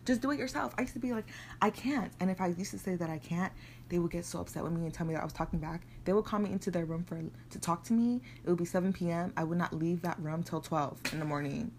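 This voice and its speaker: A young woman from Nigeria, co-hosting a podcast, telling childhood stories in an animated, profane way with bursts of laughter. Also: fairly low pitch, quick pace, slight background noise. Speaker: podcast co-host. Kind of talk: casual chat.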